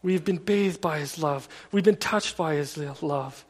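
A man's voice: on the high side, normal speed, darkish tone. A man preaching a sermon in a casual, storytelling way, full of everyday fillers. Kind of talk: conversational sermon. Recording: long reverb of a large hall.

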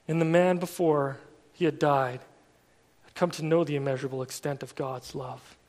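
A man's voice: a little high, steady tone, normal speed, darkish tone. A man preaching a sermon in a casual, storytelling way, full of everyday fillers. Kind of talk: conversational sermon. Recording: long reverb of a large hall.

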